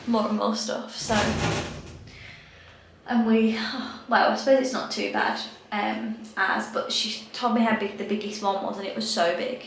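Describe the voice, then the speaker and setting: A woman's voice: medium pitch, steady tone, a little slow, gravelly. A woman, chatting casually and rambling to camera while packing up to move, laughing often. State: out of breath. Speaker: vlogger. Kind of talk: casual vlog chat. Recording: loud background noise.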